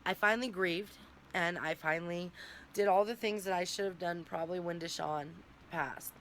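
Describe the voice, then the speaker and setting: A woman's voice: lowish voice, moderate pace, fairly bright tone. Candid young woman vlogging, faint hiss. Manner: candid, rambling, tearful at times. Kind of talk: emotional personal vlog.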